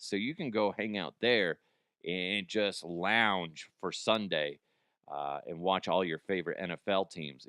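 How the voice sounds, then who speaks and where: A man's voice: on the low side, smooth, no room sound, clean studio sound. A man hosting a casual comedy talk show, joking loosely, cursing freely and reading an ad. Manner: loose, profane, jokey, animated outbursts. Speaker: radio show host.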